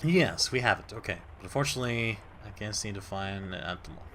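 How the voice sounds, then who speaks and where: A nervous, fussy librarian who stammers and answers primly, as a man puts him on. The voice swings through a lively range with a bright, forward tone. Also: lowish voice, quick pace. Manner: stammering, prim and flustered.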